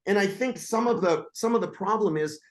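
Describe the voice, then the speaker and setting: Brash high-voiced man talking up his coaching. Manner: brash, swearing, fast-talking salesman. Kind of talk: casual podcast talk.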